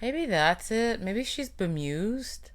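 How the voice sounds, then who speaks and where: A woman's voice: a little high, takes it slowly. A woman co-hosting a casual livestream, adding short wry comments and questions while her co-host tells the story. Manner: short wry interjections, relaxed and amused.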